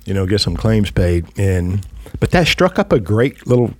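Low-voiced man with a Southern drawl. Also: very animated, normal speed, darkish tone, no room sound. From Texas. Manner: joking, affectionate, laid-back. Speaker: co-host telling how the couple met. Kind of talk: casual chat.

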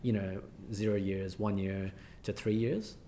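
A man's voice: on the low side, steady tone, measured pace, dark tone, echoey room, a little hiss or hum. A man with an Australian accent, chatting as an interview guest in a rambling way with many fillers and restarts. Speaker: guest architect. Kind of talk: casual interview talk.

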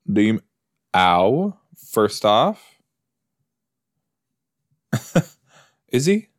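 Speaking a little slowly with long pauses, this man has a darkish mid-range voice and big pitch swings. He hosts a podcast watch-along of a TV episode, chatty and joking, talking back to the screen. Dry, studio-quality recording.

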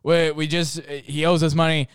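A man voicing a nervous grocery store manager who talks in hurried, apologetic bursts. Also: on the high side, animated, no echo, studio quality, natural voice. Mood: flustered.

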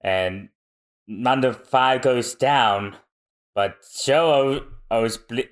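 A man co-hosting a podcast, casually recapping a comic in a loose, rambling way. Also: medium pitch. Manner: slow and loose, trails into half-finished words. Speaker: podcast co-host.

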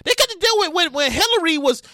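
A woman hosts a comedic podcast in a very high, bright voice that swoops up and down constantly. She rants loudly and profanely, often breaking into shouts, and the sound is close and dry. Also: quick pace, dry recording. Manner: loud, animated, profane ranting with frequent shouting. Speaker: podcast host. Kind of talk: comedic current-events rant.

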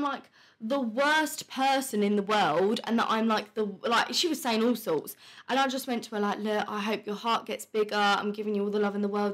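A woman's voice: a little high, fairly bright tone. A woman in her twenties hosts a casual podcast chat. She speaks openly and bluntly, swears freely and laughs often. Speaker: podcast host.

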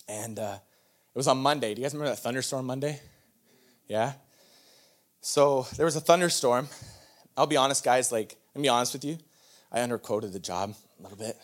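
A young adult man preaching a sermon to a live church audience, telling a personal story candidly and laughing often. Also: medium pitch. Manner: candid, storytelling, self-deprecating with frequent laughs.

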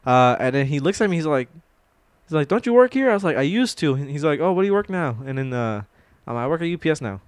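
A man's voice: a little high, lively intonation, fast talker, clean tone, no room sound. A young man co-hosting a casual podcast at home, telling slangy stories with frequent laughs. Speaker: podcast co-host. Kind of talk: casual chat. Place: home room.

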